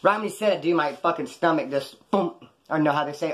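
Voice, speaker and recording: A former prisoner telling stories about prison life in a blunt, rambling, profane way. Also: male voice, a little high, animated, a little fast. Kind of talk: casual storytelling monologue.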